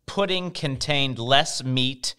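A man co-hosting a chatty show, walking the others through food history at an easy pace. His voice sits in a middle register and he talks in a relaxed, wry, self-deprecating way. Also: mid-range voice, slow, clear, resonant tone. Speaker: podcast co-host. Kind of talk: casual chat explaining history.

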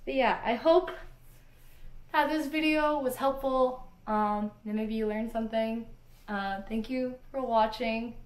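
A woman's voice: on the high side, fairly even intonation, measured pace, reverberant. A young woman with a congested sick voice, chatting casually and self-deprecatingly about a craft project she made. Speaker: cosplay maker.

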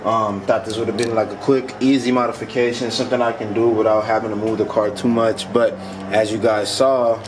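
A man's voice: lowish voice, flat delivery, a little fast, noisy background. A man vlogging a car modification, talking casually to viewers and sounding exasperated. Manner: frustrated, exasperated, laughing it off. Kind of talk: casual vlog.

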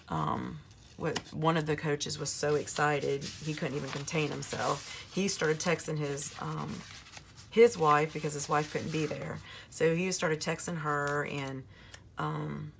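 A hoarse woman in her forties with a drawl, chatting through a rambling story for her vlog. Her voice sits low and gravelly, full of fry. A faint hiss runs under it. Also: measured pace. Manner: chatty, rambling with many fillers. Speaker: planner vlogger. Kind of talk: casual storytelling.

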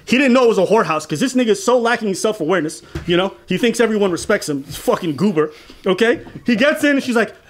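A man with a fairly high voice gives a casual reaction commentary. He talks bluntly and crudely and mocks the people he is reacting to, breaking into laughs often. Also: animated, fast. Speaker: reaction channel host.

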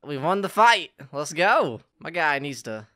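A man's voice: a little high, sing-song, measured pace, bright, forceful tone. A man reacting to an anime finale in casual, emotional commentary, exclaiming and laughing often. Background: anime soundtrack playing faintly.

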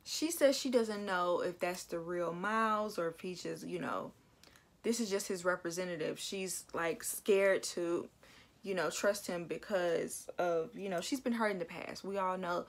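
A woman casually reviewing a reality TV episode, opinionated and animated, acting out quotes in voices. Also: lowish voice, a little slow. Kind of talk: casual recap commentary.

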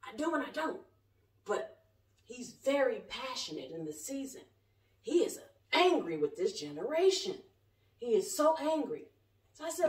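At home, a self-styled prophet in her forties preaches spontaneously to a distant camera in an echoey room. Her high-pitched voice has a sing-song lilt at normal speed with long pauses, and she rambles colloquially, alternating between shouts and quiet asides.

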